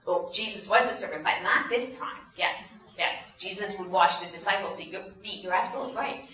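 Animated woman teaching children, roomy distant sound. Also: mid-range voice, a little fast, dull audio. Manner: animated, asks the children questions. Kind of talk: storytelling lesson for children.

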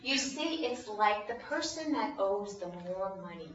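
A woman's voice: mid-range voice, unhurried. A woman telling a Bible story to a group of children, asking them questions as she goes. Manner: animated, asks the children questions. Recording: roomy, distant, dull sound.

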